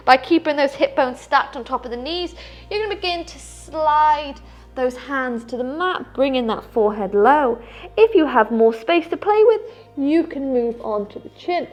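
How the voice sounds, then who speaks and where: High-voiced young woman guiding yoga. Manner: soothing, affectionate, calls viewers "my loves". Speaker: yoga instructor. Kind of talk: guided yoga class.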